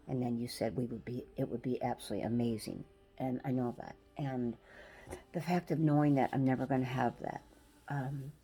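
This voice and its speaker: Older woman, low dark husky voice, halting and close to tears, personal farewell. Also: low-quality recording. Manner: halting, tearful, many ums and restarts. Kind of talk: emotional personal farewell message.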